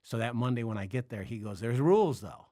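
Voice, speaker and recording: A man from the Chicago area, a podcast guest, telling a story in casual chat. He is animated, acts out the voices of the people he quotes and swears freely. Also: lowish voice, fast, dry recording, clean studio sound. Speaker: podcast guest, comedy club bartender.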